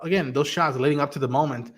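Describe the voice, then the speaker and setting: A podcast host recaps an episode on a livestream, talking casually and animatedly in a fairly high, fast voice. He swears and acts out the characters' lines as he goes.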